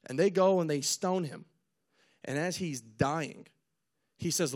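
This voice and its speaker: A young man preaching in a casual, lively way, retelling a story and acting out its people with jokes at his own expense. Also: on the high side, measured pace, long pauses. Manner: animated storyteller, acts out characters, jokes at himself.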